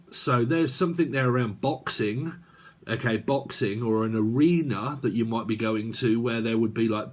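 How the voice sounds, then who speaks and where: A man giving a casual tarot reading, rambling from one idea to the next with many fillers. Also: mid-range voice. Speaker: tarot reader.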